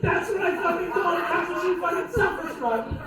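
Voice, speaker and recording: A man's voice: very high voice, expressive, brisk, a crowd in the background. A man doing a stand-up set, profane and rambling, laughing at his own lines. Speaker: stand-up comedian. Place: comedy club stage. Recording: echoey club from far off.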